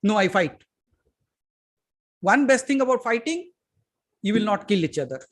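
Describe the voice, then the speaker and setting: Man, Indian English accent, spiritual teacher, satsang talk, emphatic, loud-soft swings, questions to listeners. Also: high-pitched, big pitch swings, normal speed. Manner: addresses listeners directly with questions. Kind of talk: satsang talk to a live audience.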